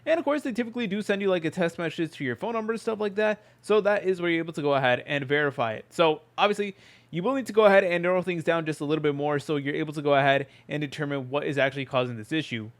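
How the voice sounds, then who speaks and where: A man hosting a how-to tutorial, explaining steps in a quick casual voice-over full of fillers. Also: a little high. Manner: rapid, filler-heavy explaining. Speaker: tutorial host.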